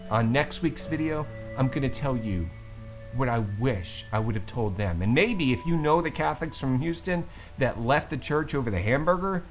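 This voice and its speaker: A middle-aged man telling a story to camera, expressive and swinging between low asides and loud exclaims. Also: rough recording. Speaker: Catholic vlogger.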